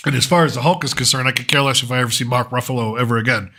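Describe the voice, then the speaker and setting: A man's voice: medium pitch, fairly even intonation, rapid-fire, pushed and bright. A middle-aged man hosting a pop culture commentary show, ranting sarcastically and swearing freely. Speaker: host.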